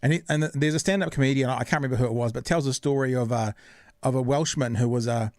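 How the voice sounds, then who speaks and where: A man hosts a casual podcast, rambling as he hunts for words. His voice has a middle pitch. The sound is dry and close. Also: quick pace, darkish tone, no room sound. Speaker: podcast host.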